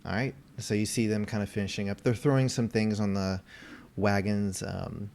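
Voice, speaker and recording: Low-voiced man narrating a tabletop game. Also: moderate pace, vocal fry, a little hiss or hum. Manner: relaxed, with many fillers. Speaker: game master. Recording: music playing behind.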